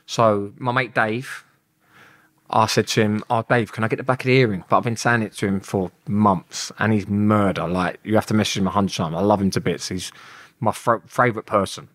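A man's voice: fairly low pitch, steady tone, fairly quick, a bit bright. A young man with a London accent, telling a rambling story as an interview guest, swearing and laughing as he talks. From England.

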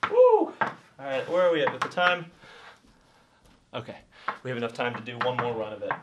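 A man's voice: medium pitch, animated, fairly quick, distant mic, background noise. A man teaching a dance step while demonstrating it, out of breath, encouraging and laughing often as he counts the beats. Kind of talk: casual tutorial while demonstrating steps.

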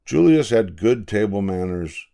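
An older man reading a children's picture book aloud, slow and expressive like a grandfather. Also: lowish voice, vocal fry. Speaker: storybook reader.

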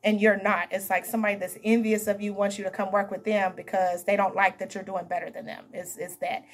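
A woman's voice: medium pitch, level tone, brisk. A woman giving a casual tarot reading to camera, chatty and emphatic, calling her viewers honey and baby. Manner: emphatic, repeats herself. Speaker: tarot reader.

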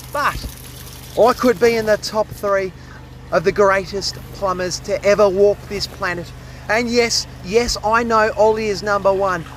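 An Australian man vlogging a plumbing job, excitable and jokey, full of slang and hungover. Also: high-pitched, background noise. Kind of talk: casual on-the-job vlog commentary.

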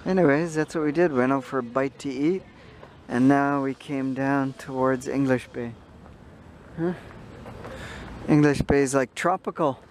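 An older man narrates a casual city vlog from a handheld camera outdoors, his mid-range, darkish voice moving at a measured pace with frequent pauses. He's chatty and rambling, prone to going off on tangents. The camera audio is noisy.

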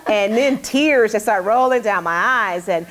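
A woman's voice: mid-range voice, animated, moderate pace. A woman talk show host, now the guest in an interview, telling a personal story in a candid, heartfelt way.

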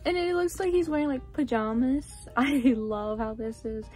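High-voiced gushing young woman vlogger. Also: normal speed, faint music behind. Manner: gushing, excitable, lots of "like" and "oh my gosh". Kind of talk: casual haul vlog.

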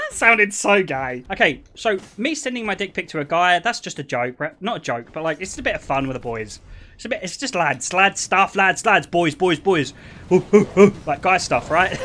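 A young man streaming live, chatting casually with his viewers in an excitable, joking way and laughing often. His voice is high for a man and swings widely in pitch. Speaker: livestreamer.

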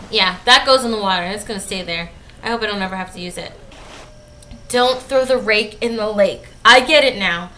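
A woman giving jumpy, talkative let's-play commentary, often yelling at the game. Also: a little high, normal speed, a little hiss or hum. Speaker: gaming YouTuber.

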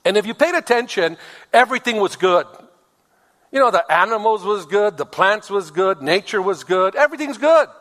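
Male pastor preaching, high voice, punchy and repetitive, long church reverb. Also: animated, normal speed, fairly bright tone. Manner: emphatic, repeats phrases, calls for amens. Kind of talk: sermon. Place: church sanctuary.

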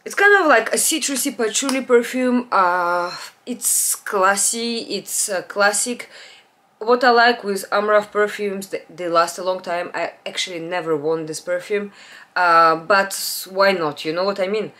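A woman chats at home about her purchases, at a middle pitch. She rambles, restarts her sentences and often lets her voice drop to a low murmur. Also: unhurried, a bit bright. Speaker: beauty vlogger. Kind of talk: casual perfume haul chat. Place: home, natural light.

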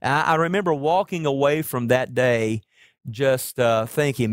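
Dry-voiced pastor preaching earnestly. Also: male voice, mid-range voice, dry recording. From Oklahoma. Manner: earnest storytelling preacher, slows down to stress key words. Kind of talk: sermon.

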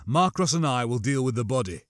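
A man's voice: medium pitch, lively intonation, a little fast, a bit bright, no room sound, clean studio sound, close to an everyday voice. A man voicing a bold, decisive male soldier who leads his group in a firm, commanding way.

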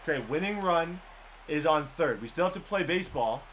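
A young man commentating his baseball video game, animated and talking to viewers, sometimes bursting into shouts. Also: fairly high pitch, a little fast, slight background noise. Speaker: gaming YouTuber. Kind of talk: excited gameplay commentary.

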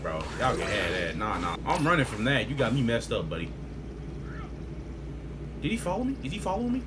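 A young man commentating his own gameplay live, hyped up, shouting trash talk at opponents and laughing and joking to himself. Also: medium pitch, noisy background. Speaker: gaming video creator. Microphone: desk mic with face cam. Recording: game sounds loud behind the voice.

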